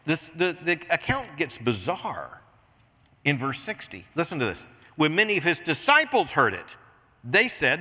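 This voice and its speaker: An older American man preaches with a lively, rising-and-falling delivery, dropping low and quiet, then pressing hard on his points. His bright, forceful voice rings through the long reverb of a large church hall. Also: measured pace. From United States. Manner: animated, swings from hushed to emphatic. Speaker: pastor. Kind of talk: sermon.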